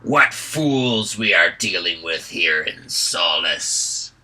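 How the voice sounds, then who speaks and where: Brief: pompous sneering hobgoblin boss with a thick accent, slow and commanding, put on by a male audiobook reader. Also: low voice, animated, sharp tone, full character voice, poor audio.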